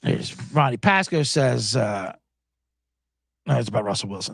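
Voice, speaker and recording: A mid-range, creaky voice with lively intonation at normal speed belongs to a sports betting podcast host chatting casually by himself. He rambles, swears frequently, and adds sarcastic asides, all in studio quality with no room sound.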